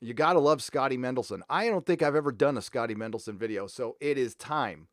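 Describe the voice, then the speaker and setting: A man's voice: medium pitch, fast, dry recording, clean studio sound. A man hosting a casual live stream, rambling between news and reading out viewer donations. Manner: rambling, reads donor messages aloud.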